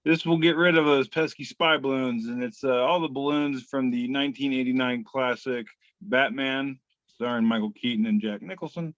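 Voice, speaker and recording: A man hosting a casual comedy podcast, reading out memes in a wry, deadpan way with filler pauses. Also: mid-range voice, dry recording, muffled recording.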